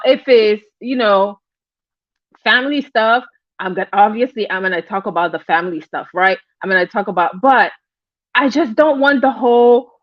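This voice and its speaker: A woman's voice: a little high, no room sound, dull audio. A woman hosting a casual livestream, chatting with viewers, greeting them by name and often repeating her phrases. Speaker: livestream host.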